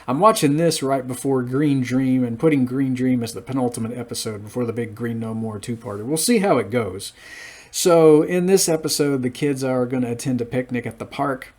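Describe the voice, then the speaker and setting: A man in his late thirties giving a casual solo episode review, chatting through the plot with frequent pauses and restarts. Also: medium pitch, a little mellow.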